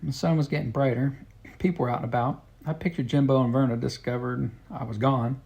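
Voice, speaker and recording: A man's voice: medium pitch, fairly even intonation, fairly quick, vocal fry, darkish tone. A man narrating a storybook in an earnest first-person way. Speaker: audiobook reader.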